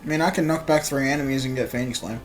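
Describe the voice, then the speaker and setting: A woman's voice: rumbling low, rapid-fire, faint music behind. A woman casually commentating as she plays a video game, chatting and thinking aloud. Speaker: gamer, let's play host.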